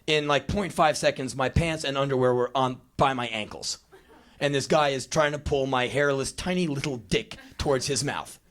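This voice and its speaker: A man in his twenties from the United States telling a profane story live on stage, jumping into shouted impressions. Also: medium pitch, moderate pace. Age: 20s. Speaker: spoken word performer. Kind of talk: live spoken word storytelling. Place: small live music venue.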